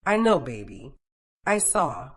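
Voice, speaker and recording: Kindly neighbor lady in her seventies, read by a woman narrator; comforting, low. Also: big pitch swings, slow pace, heavily acted. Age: 70s. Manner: warm and comforting.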